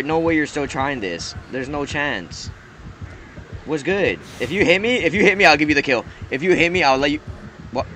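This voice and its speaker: A man's voice: mid-range voice, background noise. A man giving live gameplay commentary, exclaiming and pleading at other players. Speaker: gaming YouTuber.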